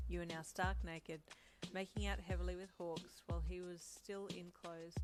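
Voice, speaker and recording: Woman reading a romance story softly. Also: lowish voice. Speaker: fan fiction reader. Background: faint lo-fi music.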